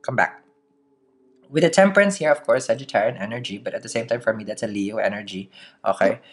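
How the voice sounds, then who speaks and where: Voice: mid-range voice, fast talker. Chatty tarot reader with a slight accent. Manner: chatty, laughs often, keeps asking "okay?". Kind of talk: casual daily tarot reading to camera.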